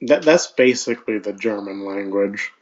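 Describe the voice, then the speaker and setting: A man's voice: lowish voice, moderate pace, lo-fi sound. A man co-hosting a podcast, chatting casually in a blunt, profane way. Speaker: podcast co-host. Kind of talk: casual chat.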